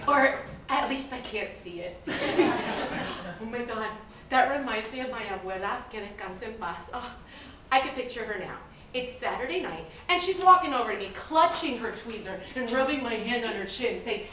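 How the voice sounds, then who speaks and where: A woman's voice: fairly high pitch, moderate pace, noisy background. A woman in her forties performing a comic stage monologue, laughing often and slipping into Spanish. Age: 40s. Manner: lively, laughing, switches into Spanish. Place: theater stage. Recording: echoey theater, heard from far off.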